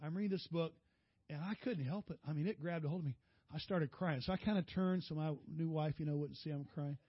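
A male preacher telling personal stories in a folksy, animated sermon. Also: fairly high pitch, a little fast, breathy edge, dry recording, muffled recording.

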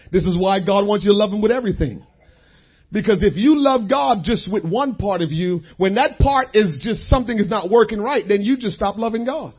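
A man preaching a sermon, repeating key lines and calling out to the congregation in drawn-out phrases. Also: high-pitched, expressive, slightly rough, highs cut off.

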